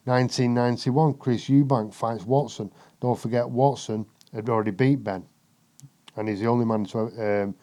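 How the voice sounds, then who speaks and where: British guy swearing a lot, chatting away all animated, mellow warm voice. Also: mid-range voice. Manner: profane, animated, lots of swearing. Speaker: podcast guest. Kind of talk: casual storytelling chat.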